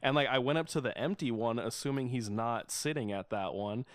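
A man's voice: mid-range voice, a little fast, dry recording. A young man hosting a podcast, telling a story in a laid-back, casual way and swearing freely. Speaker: podcast host. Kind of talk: casual chat.

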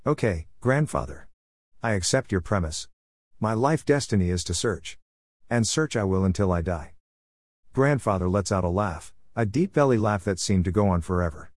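A man reading his own reflective story in a measured, wry way. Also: lowish voice, a little mellow, dry recording, studio quality. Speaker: narrator.

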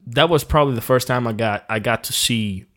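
A man who used to rap, a guest on a casual podcast, telling stories in a profane, animated way with many restarts. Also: mid-range voice, a little fast. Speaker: podcast guest, former rapper. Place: small home recording room.

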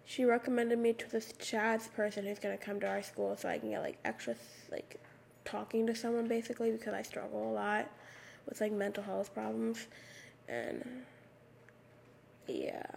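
Raspy teenage girl with a slight lisp. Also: mid-range voice, flat delivery, moderate pace, a little mellow, a little hiss or hum. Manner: rambling, lots of "like" fillers. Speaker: podcast host. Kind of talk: casual solo podcast talk. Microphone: USB microphone at a computer.

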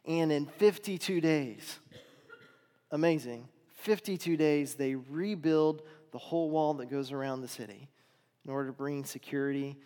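A middle-aged male pastor preaching a sermon in an earnest, conversational manner, leaning on rhetorical questions. His voice sits a little high for a man, and long reverb trails each phrase as if it fills a church sanctuary. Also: moderate pace, mellow, clean tone.

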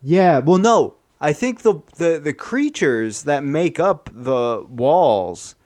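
A man co-hosting a comedy podcast, improvising a horror plot in a rambling, profane, deadpan way. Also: on the high side, slow pace, no room sound. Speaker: podcast co-host.

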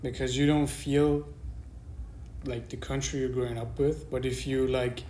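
A man's voice: mid-range voice, level tone, measured pace, a little mellow. A young man talks casually and at length as a podcast co-host, thoughtful and given to laughing mid-sentence. His voice rings in a roomy space, with a faint hiss of noise underneath. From immigrant raised in Germany. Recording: echoey room with faint noise.

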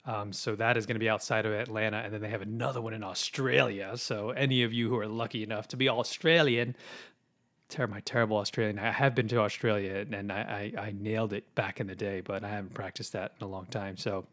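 A man's voice: on the low side, level tone, quick pace, hardly any pauses, fairly bright tone. A man hosting a podcast, talking casually with many fillers and restarts. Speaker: podcast host.

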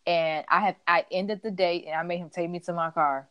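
A woman with a slightly low voice, co-hosting a casual chat and spinning animated stories. Her voice sits close and dry, with no room around it. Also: a little fast, clear, resonant tone, no room sound, highs cut off. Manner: chatty storyteller, animated retellings. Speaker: podcast co-host.

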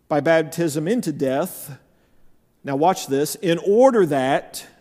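A man preaching a sermon as pastor, stressing key phrases by slowing down and leaning into them. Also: a little high, a little mellow. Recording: reverberant hall.

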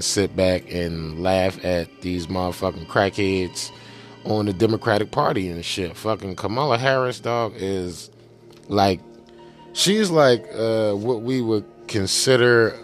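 A man's voice: fairly low pitch, measured pace, soft background music. Profane, slangy male show host. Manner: heavy slang, frequent cursing and "you know what I'm saying" tags. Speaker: host of a political commentary show. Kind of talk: casual profane rant.

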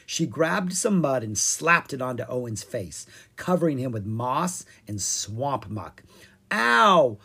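Expressive, husky storybook reader. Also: mid-range voice, unhurried, hardly any pauses. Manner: animated, expressive. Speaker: audiobook reader. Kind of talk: storybook narration.

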